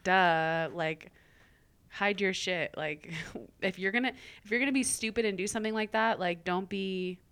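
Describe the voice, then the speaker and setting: A young woman hosting a podcast, telling a personal story in casual chat, animated, full of "like" and the odd swear word. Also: medium pitch, moderate pace, clean tone. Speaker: podcast host.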